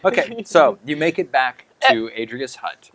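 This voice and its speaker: A woman's voice: extremely low pitch, big pitch swings, moderate pace, crowd noise. A woman running a tabletop game as game master, narrating casually at the table. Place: room at a gaming table.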